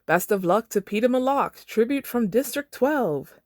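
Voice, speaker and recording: A woman reading aloud, voicing a flamboyant male TV interview host in a showy, drawn-out announcer manner. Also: fairly high pitch, expressive, no room sound, clean studio sound, voice pushed up, close to an everyday voice.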